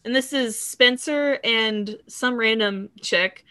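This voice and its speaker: A woman's voice: on the high side, pushed and bright, clear, resonant tone, no room sound. A woman in casual chat who reads out funny quotes from a TV show and laughs often. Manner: laughs often, reads lines in quick bursts.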